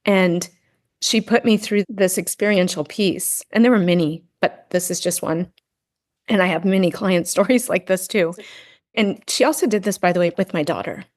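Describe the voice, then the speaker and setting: A woman's voice: on the low side, normal speed. Middle-aged woman telling a story earnestly. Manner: earnest storytelling, frequent "right?" tags. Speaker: podcast guest, grief and Gestalt practitioner. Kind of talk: casual interview conversation.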